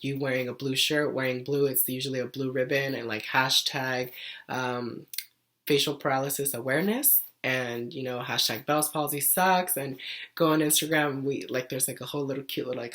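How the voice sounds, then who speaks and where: A woman's voice: very deep voice, a bit bright. A young woman talking earnestly to camera in a casual vlog, rambling with lots of "like" fillers. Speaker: vlogger sharing her own illness story. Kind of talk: casual heartfelt vlog talk.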